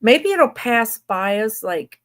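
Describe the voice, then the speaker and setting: A woman's voice: fairly high pitch, very animated, slow pace, fairly bright tone. A woman co-hosting a casual live-stream chat with a friend, easygoing and chatty, sometimes turning to talk to someone off-camera. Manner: chatty and easygoing, talks to people off-camera between remarks. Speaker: co-host.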